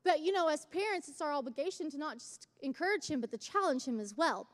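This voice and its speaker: A woman's voice: high voice, animated, fast, big-room sound. A young woman speaking at a church service, telling a chatty, self-mocking parenting story that builds into fervent encouragement. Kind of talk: sermon with personal story.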